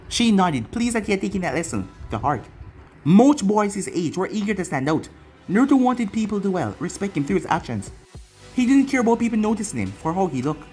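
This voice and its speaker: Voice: medium pitch, sing-song, a little fast, darkish tone, soft background music. A narrator reading a fan fiction story aloud, telling it plainly.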